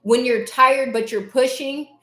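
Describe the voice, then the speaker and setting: A woman's voice: high-pitched, measured pace, sharp tone. A woman hosting a live self-care talk, earnest and encouraging, repeating phrases for emphasis. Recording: echoey room.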